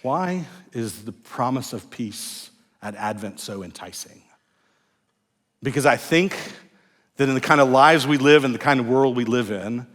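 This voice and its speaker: A middle-aged man preaches from the pulpit of a large church. His pitch sits in a typical middle range, and he swings between strong, lifted emphasis and soft, hushed lines. The room carries a long echo. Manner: shifts from warm emphasis to hushed, soft phrases. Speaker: pastor. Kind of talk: sermon. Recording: echoey church hall.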